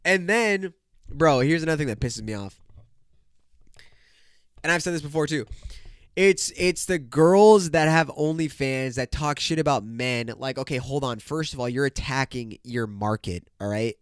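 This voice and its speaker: Young man, podcast host, congested nasal voice, profane joking rambles, medium pitch. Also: normal speed, clear, resonant tone, no room sound, studio quality. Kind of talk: casual solo podcast chat. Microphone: podcast microphone.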